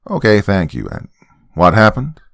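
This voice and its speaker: A man's voice: on the low side, moderate pace, creaky, no echo, studio quality, pitched above the performer's own voice, heavily acted. A man doing a hellish female dispatcher. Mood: calm. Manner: calm then mocking, cackling. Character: sinister female emergency dispatcher from hell.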